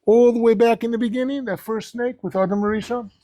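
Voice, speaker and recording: A man's voice: extremely high pitch, steady tone, brisk, dark tone, dry recording. A man, head of a yeshiva, giving a casual Torah class on the weekly portion and quizzing his listeners with questions.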